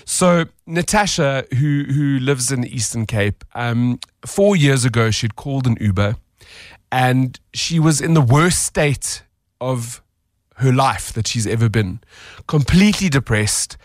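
A man's voice: mid-range voice, animated, measured pace, no room sound. A man from South Africa tells a good-news story on midday radio. His delivery is earnest and heartfelt. The studio mic sounds close and dry. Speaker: good-news feature reporter. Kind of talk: radio feature report. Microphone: studio microphone.

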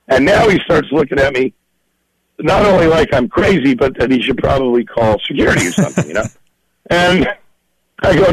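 A film director being interviewed, telling stories in a lively, animated way and laughing often. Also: male voice, mid-range voice, brisk, husky, no echo, low-quality recording. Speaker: film director and writer, guest. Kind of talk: storytelling in a podcast interview.

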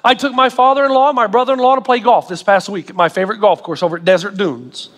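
High-voiced pastor preaching in a reverberant hall. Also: male voice, quick pace. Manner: animated storytelling with self-mocking humor. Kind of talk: sermon.

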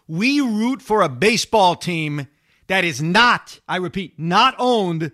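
Excitable high-voiced New radio host. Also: male voice, measured pace, dry recording, studio quality. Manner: excitable, building to near-shouting enthusiasm. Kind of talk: sports talk radio.

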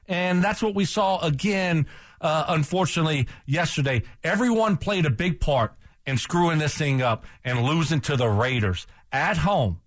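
A man's voice: a little high, animated, normal speed, no echo, studio quality. A man co-hosting a sports radio show, ranting in a heated way and repeating himself as he talks over a loss. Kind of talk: casual sports talk.

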